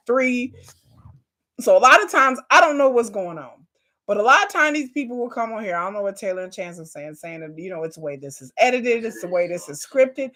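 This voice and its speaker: A woman's voice: mid-range voice, fairly bright tone. Outspoken woman reacting. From Texas. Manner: outspoken, emphatic, slangy. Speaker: reaction video host. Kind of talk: casual reaction commentary.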